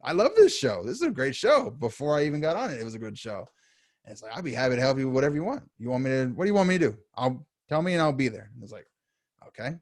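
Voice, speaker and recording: A man chatting on a podcast, his pitch jumping high and low as he acts out the quotes in his stories. His voice sits at a middle pitch, and the recording is dry and close, with no room sound. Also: fast talker, no echo. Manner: animated storyteller, acts out quotes with big pitch jumps. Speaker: podcast co-host. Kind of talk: casual podcast chat.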